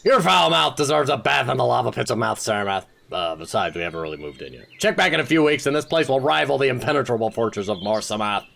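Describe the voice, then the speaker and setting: A man's voice: medium pitch, expressive, fast, gravelly, hardly any pauses, fairly bright tone, slight background noise. A man voicing a small, snarling guard creature in a fantasy game, making grand threats that turn petty. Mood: blustering. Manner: overblown threats undercut by petty ones.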